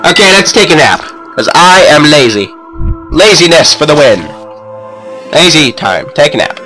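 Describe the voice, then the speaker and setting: Male let's-play gamer, higher voice, unhurried but very animated, shouts at the game, game music under him. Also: low-quality recording. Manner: excitable, yells at the game. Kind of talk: game commentary.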